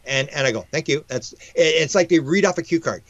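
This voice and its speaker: A man, a UFO researcher and guest, telling stories in a rapid, animated way, often restarting and acting out dialogue. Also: on the high side, no room sound. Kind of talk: animated storytelling. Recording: dull lo-fi, dry sound.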